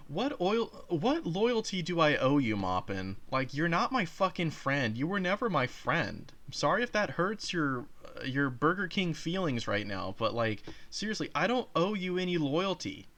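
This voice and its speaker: A man's voice: a little high, big pitch swings, moderate pace, hardly any pauses, fairly bright tone. A man hosting a reaction video, talking casually, swearing and defiant. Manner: profane, sarcastic, defiant. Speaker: YouTube host.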